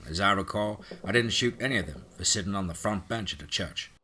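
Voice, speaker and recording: Man doing a calm, dry team leader. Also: sits low, fairly quick, slightly rough, exaggerated voice.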